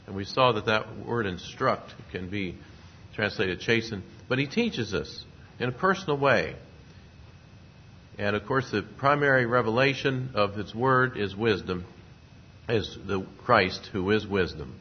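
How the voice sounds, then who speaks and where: A man preaching a sermon, speaking at a measured pace and lifting his voice when quoting scripture. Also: fairly low pitch, husky. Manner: measured preaching, rising emphasis on scripture quotes. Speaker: pastor. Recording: dull lo-fi sound, faint noise.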